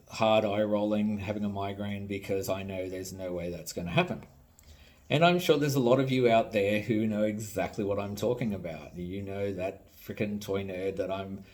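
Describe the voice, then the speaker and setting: A man's voice: on the low side, a little mellow. A tired Australian man who makes toys, ranting in a blunt, sarcastic and profane casual vlog. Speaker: toy maker and vlogger. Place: home.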